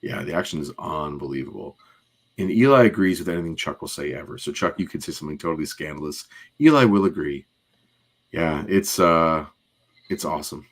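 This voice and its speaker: A man's voice: a bass voice, fairly quick. A man co-hosting a podcast, casually recapping scenes in detail with plenty of "um"s and asides. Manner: detailed, rambling recap with many fillers. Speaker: podcast co-host.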